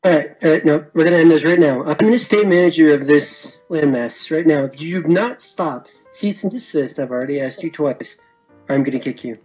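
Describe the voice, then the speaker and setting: A man's voice: a little high, fairly quick, a little mellow, slightly rough, dull audio, soft background music. A man acting as a virtual world estate manager, giving firm, sarcastic warnings.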